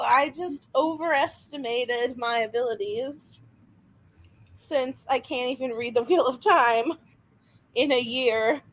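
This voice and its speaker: A woman's voice: high-pitched, low-quality recording. Chatty young woman hosting a stream. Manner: chatty, animated and self-mocking, laughs often. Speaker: host of a reading sprint stream. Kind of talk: casual chat. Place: home, near her kitchen.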